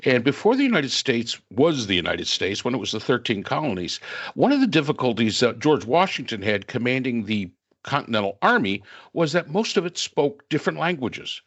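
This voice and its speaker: A man's voice: medium pitch, fairly bright tone. A man talking on a podcast panel in a casual political discussion, opinionated and sarcastic, rambling with restarts. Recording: dull lo-fi sound.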